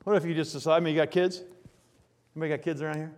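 A man preaching a sermon, telling homely stories with emphatic, drawn-out phrases. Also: on the high side, flat delivery, a little mellow. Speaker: pastor. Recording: long reverb of a large hall.

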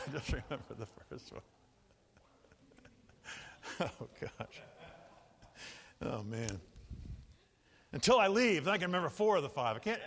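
An older man preaching a sermon in an animated, jokey way, often laughing and acting out quotes. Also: on the high side, brisk, long pauses, long reverb tail. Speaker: pastor.

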